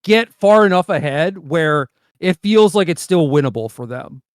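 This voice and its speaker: Man, podcast co-host, slightly high voice, dry mic, casual chat. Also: animated, normal speed, clean tone, dry recording. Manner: laid-back, filler-heavy, loose storytelling. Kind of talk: casual card game chat.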